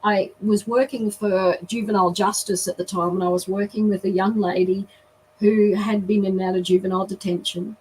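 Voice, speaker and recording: A woman's voice: mid-range voice, a little fast, slight background noise. Woman telling a story, distant mic. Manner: lively, animated storyteller. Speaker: guest. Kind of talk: storytelling in an interview.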